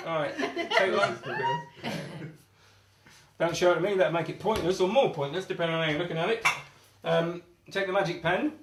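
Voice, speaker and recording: A middle-aged man from Sheffield, England, with a Sheffield accent and a high, brisk voice, performs close-up magic for a live audience, chatty, self-mocking, and laughing often. The distant mic picks up an echoey room, heavy background noise, and audience laughter and clapping.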